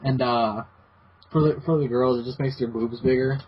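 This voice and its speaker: A man's voice: mid-range voice, fairly even intonation. A man hosting a casual gaming podcast, rambling and restarting his sentences. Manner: rambling, halting, many restarts. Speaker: podcast host. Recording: dull lo-fi podcast audio with faint hiss.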